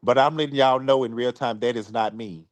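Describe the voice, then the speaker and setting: Man, live-stream apology, emotional, halting and repetitive, dry close sound. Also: mid-range voice, steady tone, no room sound. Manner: halting, repeats himself, restarts often.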